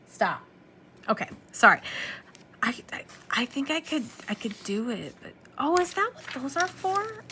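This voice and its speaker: Chatty scattered woman, high bright voice. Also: a little hiss or hum. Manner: scattered, self-interrupting, talks to her dog. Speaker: planner vlogger. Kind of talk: rambling casual chat to camera.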